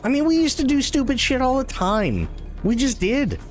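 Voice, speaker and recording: Animated profane man telling stories on stream. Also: extremely high pitch, normal speed, faint music behind. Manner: animated, profane, laughs at his own stories. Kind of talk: casual storytelling during a live game stream.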